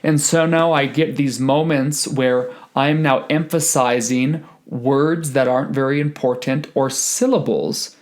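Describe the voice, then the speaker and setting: A choral conductor walks through vowel and stress choices at an unhurried, measured pace. He is a man with a mid-range voice who explains carefully, stopping to sing short phrases as examples. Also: mid-range voice. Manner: slow, careful explaining, breaking into sung phrases. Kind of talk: choral diction lesson with sung examples.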